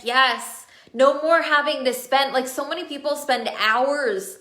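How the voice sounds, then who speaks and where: Woman coach live on stream, higher-pitched, eager, asks viewers questions, roomy echo. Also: a bit bright. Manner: enthusiastic, repeats words for emphasis, asks viewers questions. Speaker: business coach running masterminds.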